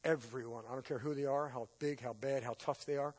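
A man's voice: mid-range voice, steady tone, a little fast. A man preaching his personal testimony as an emotional storyteller. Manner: emotional storytelling, rising to loud intense peaks. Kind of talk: testimony sermon.

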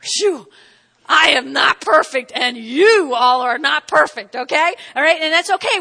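Woman preaching a sermon, high bright voice, acts out little scenes, echoey big hall. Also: a little slow, vocal fry. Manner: animated, repeats "okay?" often, acts out little scenes. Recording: long hall reverb.

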